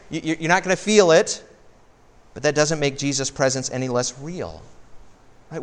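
A man preaching as a pastor, earnest, slowing down on key phrases and often repeating a word as he starts a thought. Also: on the high side, big-room sound. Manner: slows down on key phrases for emphasis. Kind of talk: sermon.

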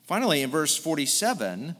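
A man's voice: a little high, very animated, brisk, fairly bright tone. A male pastor preaching an earnest sermon, explaining a text verse by verse. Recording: long hall reverb.

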